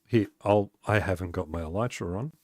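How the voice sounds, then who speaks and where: A man's voice: deep voice, fairly quick, a little mellow, no room sound, clean studio sound. Chatty Australian man streaming. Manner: chatty, laughs often, answers chat. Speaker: live streamer. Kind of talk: casual gaming stream chat.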